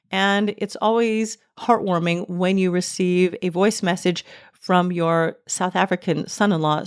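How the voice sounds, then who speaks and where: A middle-aged woman delivers a podcast monologue in an earnest, emphatic way. She leans into her key points and lifts her voice when she quotes scripture, with a pitch that is neither high nor low. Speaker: podcast host.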